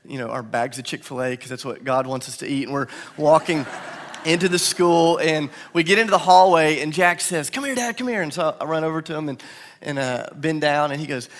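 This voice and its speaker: A man's voice: fairly high pitch, brisk. A man, preaching a sermon to his church and telling stories with acted quotes. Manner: animated storytelling with acted quotes. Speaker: pastor. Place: large church hall. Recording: long hall reverb.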